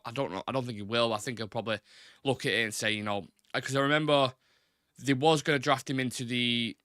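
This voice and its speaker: A man's voice: mid-range voice, pushed and bright, no room sound, studio quality. A young man hosting a casual football chat show, talking loosely and swearing often. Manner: chatty, swears a lot, gets flustered with tech. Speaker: football podcast host.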